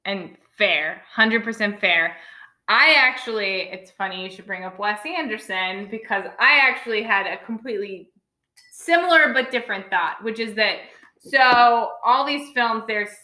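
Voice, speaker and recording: A woman's voice: medium pitch, normal speed, bright, forceful tone, reverberant. A woman chatting casually about short films, rambling with many fillers and restarts. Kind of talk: casual film review chat.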